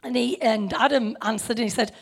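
A woman's voice: a little high, fairly quick, vocal fry, breathy edge. A middle-aged woman preaching a sermon in a conversational way, asking the listeners questions.

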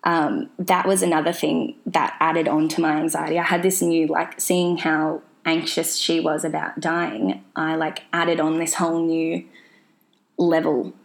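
A woman's voice: deep voice, fairly even intonation, a little slow, vocal fry. A young woman telling a personal story casually, rambling with lots of fillers and restarts. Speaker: vlogger sharing her mental health story.

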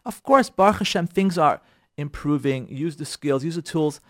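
Emphatic rabbi, fairly high dry voice. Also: male voice, expressive, moderate pace, no echo. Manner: emphatic and repetitive, pleading with listeners directly; swings between loud bursts and quiet asides. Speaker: rabbi teaching a marriage class. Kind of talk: marriage advice lecture.

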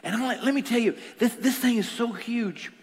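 Pastor, male, lively sermon delivery with hushed asides; reverberant room. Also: very high-pitched, moderate pace. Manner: animated, shifts between loud and whispered. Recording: echoey hall.

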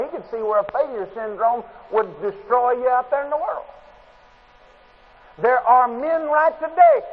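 A man preaching a sermon at a convention, a folksy, plain-spoken storyteller. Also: extremely high pitch. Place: convention hall. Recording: tinny lo-fi tape with faint hiss.

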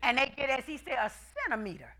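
High, bright-voiced woman preaching. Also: big pitch swings, quick pace. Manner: shouting, call-and-response preaching. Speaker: pastor. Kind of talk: sermon.

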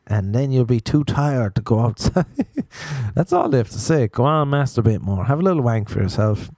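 A man hosting a solo comedy podcast, rambling crudely and mocking himself, often jumping into high-pitched exclamations. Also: normal speed, mellow, slightly rough, no echo, studio quality. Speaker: podcast host.

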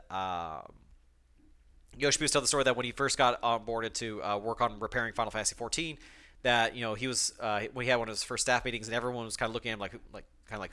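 A young man speaks in a bright voice on his solo podcast. His talk is emotional and full of ums and restarts, and he is choked up at times. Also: on the low side, smooth. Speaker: podcast host.

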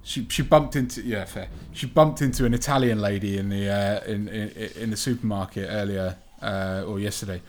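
A man's voice: fairly low pitch, fairly even intonation, fairly quick, few pauses. A young man chatting casually as a podcast co-host, laid-back and sweary, trailing off with ums. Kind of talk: casual chat.

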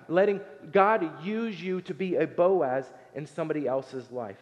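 Animated male pastor in a reverberant hall. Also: on the high side, measured pace, hardly any pauses, highs cut off. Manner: conversational, animated, acts out voices in the story. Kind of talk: sermon.

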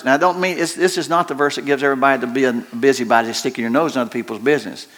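A male pastor preaches in a folksy, storytelling manner. His voice sits at a middle pitch and climbs high when he gets excited, with laughter breaking into his sentences. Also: very fast, hardly any pauses. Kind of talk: sermon.

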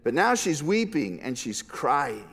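Expressive preaching man in a reverberant hall. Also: on the high side, unhurried, husky. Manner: expressive preaching, swings from hushed to emphatic. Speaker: pastor. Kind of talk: sermon.

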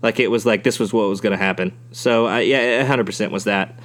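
A man's voice: lowish voice, fairly even intonation, fast, a bit bright. Rambling, profane man chatting. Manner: profane, rambling, many restarts. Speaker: podcast co-host. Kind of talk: casual chat.

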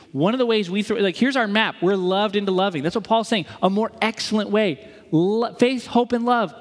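A man in his thirties preaching a sermon as a pastor, telling stories in a relaxed, conversational way with playful asides. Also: sits high. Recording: long reverb of a big hall.

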